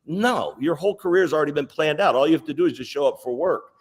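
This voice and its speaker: A man's voice: on the high side, animated, fast talker. A man voicing a stern middle-aged German personnel manager, clipped and matter-of-fact. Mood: incredulous.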